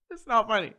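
A woman hosting a podcast, chatting casually in an animated way, swearing often and laughing through a story. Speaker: podcast host. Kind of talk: casual chat.

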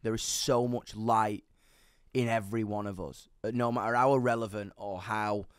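A young man, a musician guest, telling stories in a lively, sweary, casual way, often acting out the voices of others. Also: on the low side, moderate pace, smooth, no room sound, studio quality. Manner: animated, swears a lot, acts out voices. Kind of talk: casual storytelling interview.

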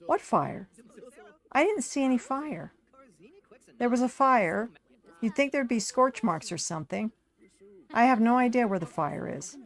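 A woman giving casual, chatty commentary over her life-sim game, talking to her characters like a fussing parent. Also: medium pitch. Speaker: gaming video creator.

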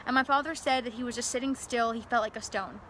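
A woman's voice: fairly high pitch, fairly even intonation, quick pace, pushed and bright, slight background noise. A young woman telling a personal story in an impassioned monologue, emphatic and emotional, repeating phrases and using many fillers. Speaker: speaker promoting a religious event.

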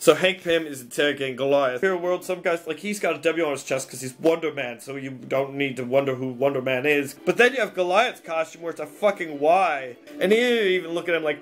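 A man's voice: a little high, fairly quick, hardly any pauses, fairly bright tone. A man giving a rambling, crude, mocking comedic review of a comic book.

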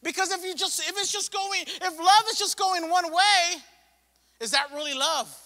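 A man's voice: very high-pitched, moderate pace, pushed and bright, big-room sound. A male pastor preaching a sermon with impassioned repetition, mixing in casual slang and asides. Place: church sanctuary.

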